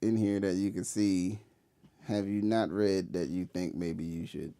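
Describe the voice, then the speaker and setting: A middle-aged man hosts a casual podcast and talks with his son in a gentle, teasing, encouraging way. His voice is very low and gravelly, with a mellow, dark tone. The recording is dry and close. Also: fairly even intonation, unhurried, no room sound. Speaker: podcast host. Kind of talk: casual father-son chat.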